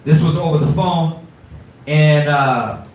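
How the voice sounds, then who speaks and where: A man teaching an informal scripture class, animated and streetwise, quizzing his students, recorded from afar in an echoey room. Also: a little high, slow pace, recorded from a distance, slight background noise.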